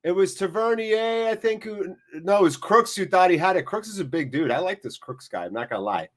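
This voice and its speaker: A man hosting a live football watchalong, commentating and joking excitably and swearing freely. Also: high voice, brisk. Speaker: watchalong host. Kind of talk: live match commentary and chat.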